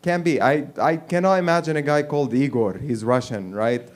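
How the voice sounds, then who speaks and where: A man's voice: on the high side, moderate pace. A man hosting an open mic night, doing a loose, rambling bit, with restarts along the way and laughter at his own jokes. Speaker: host. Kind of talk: stand-up comedy and hosting. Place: small comedy venue with audience.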